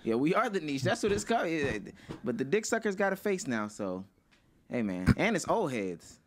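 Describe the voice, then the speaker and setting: A man's voice: a little high, big pitch swings, normal speed. A man in a casual chat, laid-back and laughing along with drawling remarks.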